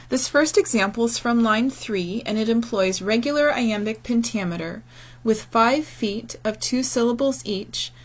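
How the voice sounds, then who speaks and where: A woman giving a recorded lecture over slides, explaining in a measured way with occasional fillers. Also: mid-range voice. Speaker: teacher.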